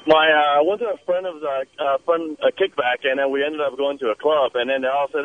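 A man's voice: a little high, fairly even intonation, fairly quick, few pauses. A male caller telling a story on a radio show. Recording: phone line.

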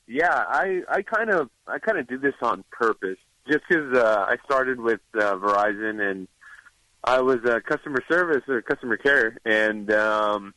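A man calling into a radio show, telling a story in a halting way. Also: mid-range voice, lively intonation, bright, forceful tone, no echo, rough recording. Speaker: caller. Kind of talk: phone-in story.

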